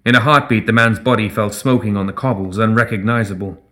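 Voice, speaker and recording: A man reading a fantasy story aloud as narrator in a measured, even way. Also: fairly low pitch. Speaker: audiobook narrator. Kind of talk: scripted narration.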